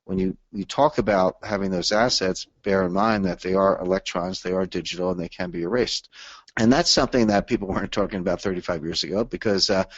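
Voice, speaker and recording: A man speaking as a guest author on a webinar, explaining at length in a measured way with frequent "uh" fillers. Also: sits low, no echo, dull audio. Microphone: call or webinar audio line.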